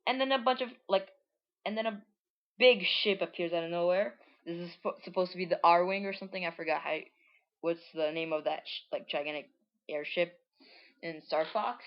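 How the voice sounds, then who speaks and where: A woman with a lowish voice reads through her own childhood comic aloud, wandering into asides and restarts. Her delivery is loose and amused. The recording is dull and lo-fi. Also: steady tone, normal speed. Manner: rambling, full of likes and restarts, amused. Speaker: reader.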